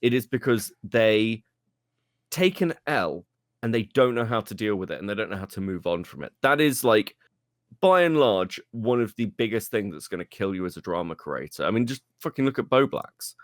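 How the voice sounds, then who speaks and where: A man's voice: fairly low pitch, lively intonation, moderate pace, no echo, studio quality. A man co-hosting a podcast, arguing his points emphatically and often repeating himself. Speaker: podcast co-host. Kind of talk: casual podcast chat.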